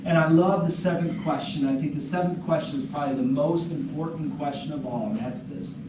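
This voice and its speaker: A man giving a live talk to an audience, speaking fast and earnestly, with animated storytelling. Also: fairly high pitch. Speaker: speaker at a parents' seminar. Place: large room with an audience. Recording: echoey room from a distance, noisy.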